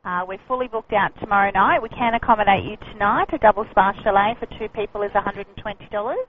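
A woman's voice: medium pitch, quick pace. A woman answering the phone as a receptionist, polite and businesslike. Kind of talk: phone call. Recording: tinny phone line, hiss.

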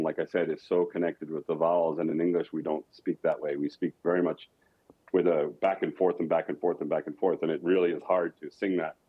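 A man with a deep, breathy voice, an opera singer from rural Colorado, USA, appears as a guest and reflects thoughtfully on his craft. It's casual interview talk, captured in dull lo-fi audio.

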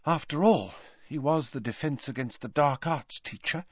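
A man playing a hushed, stern old teacher witch. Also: on the high side, husky, dry recording, muffled recording, pitched above the performer's own voice. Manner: hushed, measured.

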